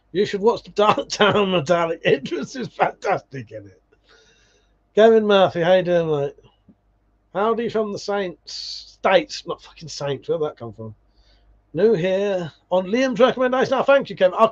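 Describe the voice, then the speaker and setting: Hosting a livestream, a man reads out viewer comments and chats casually, dropping swear words and calling people "mate." His voice is a little high, and the stream audio sounds dull and lo-fi.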